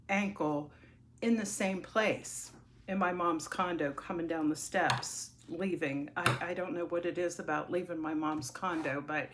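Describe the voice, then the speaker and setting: A woman's voice: on the low side, fairly bright tone. Chatty middle-aged woman vlogging. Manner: chatty and rambling, many ums and restarts. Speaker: crafting vlogger. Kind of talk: casual vlog storytelling.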